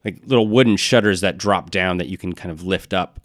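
Casual male game master, low voice, dry close mic, easygoing narration. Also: fairly quick, no room sound. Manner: casual, laughing, many fillers.

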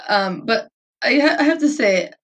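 A woman's voice: a little high, animated, moderate pace. Woman co-host, casual and giggly, filler-heavy banter. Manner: chatty, laughs often, lots of fillers. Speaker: podcast co-host. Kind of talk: casual chat.

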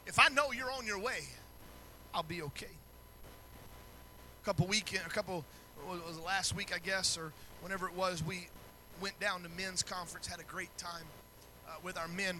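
A middle-aged male pastor preaching a sermon in a church, moving from quiet storytelling to shouted preaching. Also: sits high, a little hiss or hum, rough recording.

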